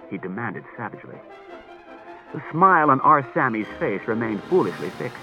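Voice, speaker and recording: Male audiobook reader, measured and expressive, lively intonation; tinny cassette sound. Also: mid-range voice. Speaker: audiobook narrator. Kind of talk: scripted audiobook narration. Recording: tinny lo-fi cassette tape with faint music.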